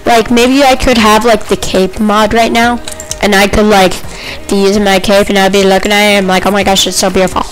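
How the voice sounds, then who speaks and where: A woman giving chatty, excitable commentary while playing a video game, with quick outbursts. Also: medium pitch, faint music behind, rough recording. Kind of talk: casual gameplay commentary.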